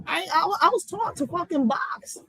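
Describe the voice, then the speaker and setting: A woman's voice: lively intonation, moderate pace, no room sound, low-quality recording. Fired-up woman from Philly venting. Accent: Philadelphia. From Philadelphia. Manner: blunt, profane, swings between loud outbursts and low muttering. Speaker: vlogger. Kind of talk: heated profane rant.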